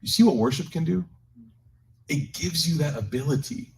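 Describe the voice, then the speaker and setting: A man's voice: fairly high pitch, vocal fry, a little hiss or hum, low-quality recording. A man, an imam, telling a joking story to a live community group and then leading a closing prayer. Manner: animated, joking storyteller who shifts into slow closing prayer. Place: community gathering room with listeners.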